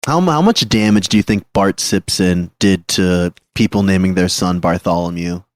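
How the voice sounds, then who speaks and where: A man's voice: low-pitched, normal speed, no echo, clean studio sound. A man co-hosting a church history podcast, joking around in casual chat. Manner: jokey, acts out voices in quotes. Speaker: podcast co-host.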